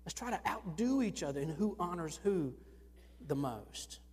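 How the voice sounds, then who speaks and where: Pastor, male, slightly high voice, earnest sermon delivery, long church hall reverb. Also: normal speed, slightly rough. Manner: earnest, storytelling with lively rises. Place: church sanctuary.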